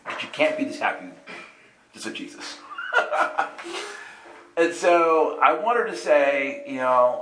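A man's voice: mid-range voice, takes it slowly, pauses often, noisy background. A man with a mid-range voice spins a personal story in a loose, conversational way. He slips into little voices for the people in the tale and laughs along as he goes. The sound carries a noticeable room echo. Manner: animated, acts out quotes with voices, laughs often, asks "right?". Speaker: storyteller recounting a personal experience. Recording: roomy echo.

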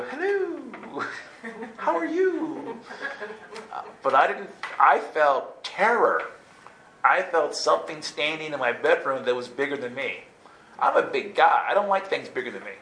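Bright-voiced man telling a comic story. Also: vocal fry, a little hiss or hum. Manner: animated, acts out his own younger self with high squeaky outbursts. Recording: roomy echo, faint ambience.

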